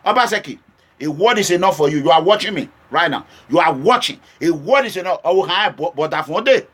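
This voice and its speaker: A man's voice: fairly high pitch, expressive, a little fast, fairly bright tone. A Nigerian man from Edo State speaking straight to his viewers in an impassioned political address that moves between warnings and pleading. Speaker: political vlogger. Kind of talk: direct-to-camera political address.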